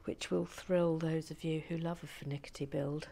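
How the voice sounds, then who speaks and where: A woman chatting casually to a live stream as she builds a kit, often dropping to a soft whisper and muttering to herself. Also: sits low, level tone, moderate pace, creaky, noisy background. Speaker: streamer building a brick kit and reading chat.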